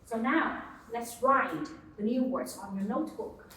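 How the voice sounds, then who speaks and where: A woman's voice: a little high, a little slow, pushed and bright, a little hiss or hum. A woman teaching English to a class, patiently prompting students and repeating words. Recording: echoey classroom from far off.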